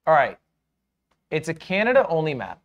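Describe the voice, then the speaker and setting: A man's voice: fairly high pitch, huge pitch swings, normal speed, lo-fi sound. Playful, teasing male streamer. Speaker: streamer host. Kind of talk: casual gaming chat.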